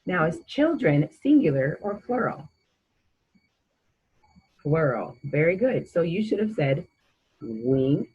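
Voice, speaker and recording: A woman's voice: sits low, slightly rough, narrow, tinny audio. A woman teaching a grammar lesson to children, patient and encouraging as she quizzes the listener.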